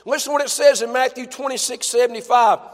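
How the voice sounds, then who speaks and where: A male preacher delivering a fervent sermon in a church, dropping to a hush and then building to shouts with repeated phrases. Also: extremely high pitch, steady tone, fast talker, big-room sound.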